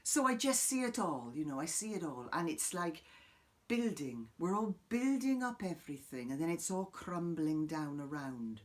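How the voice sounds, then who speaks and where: A man playing an eccentric middle-aged woman guru, rambling and swearing in an improvised comic monologue, lurching between loud outbursts and hushed asides. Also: on the high side, big pitch swings, moderate pace. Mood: rambling musing. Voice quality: profane, wandering, sudden loud outbursts then quiet asides. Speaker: comic character host. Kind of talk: improvised character monologue to camera.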